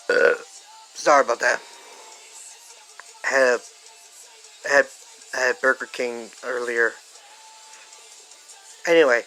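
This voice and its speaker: A fan storyteller improvising a story out loud, halting with many fillers and restarts. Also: medium pitch, low-quality recording. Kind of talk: improvised fan-fiction narration.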